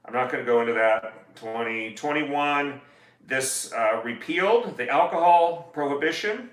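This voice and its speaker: Lawyer guy on a casual livestream, bright voice, echoey music room, reads legal text then jokes about it. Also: medium pitch, expressive, unhurried. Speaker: attorney hosting a livestream.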